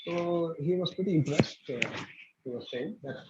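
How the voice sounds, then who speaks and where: A man delivers an earnest lecture to students, explaining points patiently and weaving in anecdotes. His voice sits a little high for a man. The recording is dull and lo-fi, as if captured from a lectern microphone. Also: normal speed, very noisy. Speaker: guest speaker.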